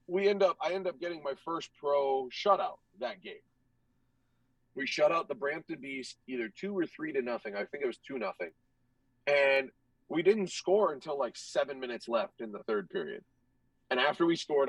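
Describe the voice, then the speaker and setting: A young man, a hockey goaltender guest, telling stories in a casual, animated and profane way, acting out what others said. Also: on the high side, gravelly, no echo, far from the mic, rough recording. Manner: animated, profane, acts out other people's lines. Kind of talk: casual storytelling.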